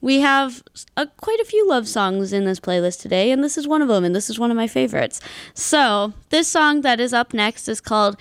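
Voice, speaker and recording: A young woman radio host chats away in a loose, rambling way, full of fillers and little laughs. Her voice sits a little high and sounds smooth and clear. It is close and dry, as if right at a studio mic. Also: big pitch swings, normal speed, no echo. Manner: chatty, rambling, laughs often, many likes. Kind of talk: casual radio chat.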